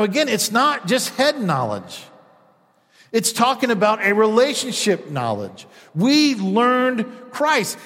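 A man's voice: sits high, fairly bright tone, big-room sound. A man preaching a sermon as a pastor, acting out quoted voices as he goes.

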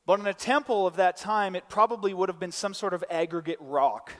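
Male pastor, fairly high voice, chatty sermon with side notes, long hall reverb. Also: fairly quick, fairly bright tone. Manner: conversational, many restarts and side notes. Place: church.

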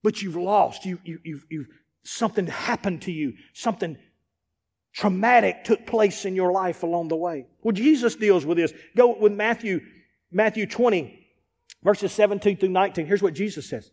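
A man preaching a sermon as pastor, emphatic and repetitive, rising into shouts to drive points home. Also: high-pitched, normal speed. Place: church sanctuary. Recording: long reverb of a large church hall.

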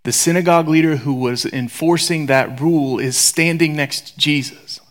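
Man, sermon, animated, shifts between loud bursts and near-whispers, joking. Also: fairly high pitch, moderate pace. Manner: conversational, joking, acts out voices. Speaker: preacher.

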